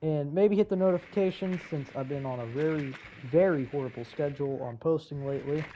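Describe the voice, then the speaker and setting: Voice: medium pitch, a little fast, dark tone, muffled recording, slight background noise. A young adult hosting a gaming video, ranting in a casual, profane, rambling way with lots of fillers and restarts.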